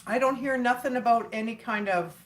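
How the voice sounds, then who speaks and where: A woman's voice: a little high, fairly quick. A woman hosting a casual livestream, chatting with viewers and laughing often.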